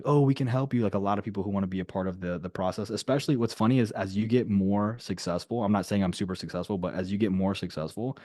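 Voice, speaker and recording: A man's voice: lowish voice, warm tone, dry recording, clean studio sound. A man leading a group coaching call, talking casually and emphatically and repeating his key points. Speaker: sales coach.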